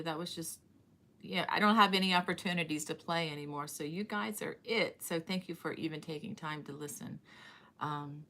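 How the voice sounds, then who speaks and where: A woman's voice: lowish voice, bright, forceful tone. A middle-aged woman hosting a casual live stream, chatting in a rambling way and greeting viewers by name. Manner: chatty and rambling, reading viewer comments aloud; many fillers and restarts. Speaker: crochet channel host.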